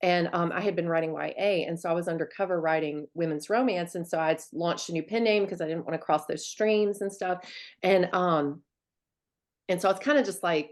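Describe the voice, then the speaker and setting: A middle-aged woman author, appearing as a guest, chats casually and tells stories, acting out quoted lines with big swings in her voice. Her pitch is fairly low and her pace normal.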